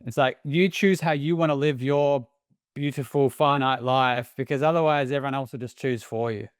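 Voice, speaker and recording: A man's voice: mid-range voice, steady tone, normal speed, clean tone, dry recording, clean studio sound. An Australian man in his forties, a podcast guest talking earnestly and emphatically, pressing his points with repeated short phrases. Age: 40s. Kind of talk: casual podcast conversation.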